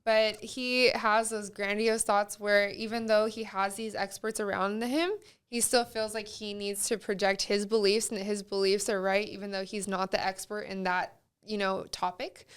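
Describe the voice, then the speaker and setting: A young woman, a guest on a casual podcast, explaining ideas in a measured, lecturing way. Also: medium pitch, level tone, smooth.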